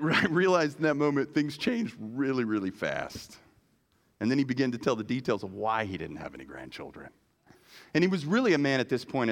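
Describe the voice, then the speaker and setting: A man in his fifties preaching a sermon, telling a personal story in a conversational way and often repeating words as he goes. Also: mid-range voice. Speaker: pastor.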